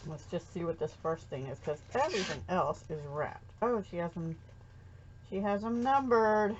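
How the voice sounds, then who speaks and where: A woman's voice: lowish voice, expressive, moderate pace, muffled recording, noisy background. A middle-aged woman from the USA chatting casually on her crafting vlog, gushing and easily touched as she unboxes handmade cards at home. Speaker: crafting vlogger.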